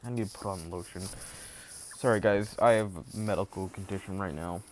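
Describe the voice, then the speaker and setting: A man's voice: sits low, brisk, a little hiss or hum. A young man rambling through a casual retelling of a story, with lots of fillers and asides. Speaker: channel host.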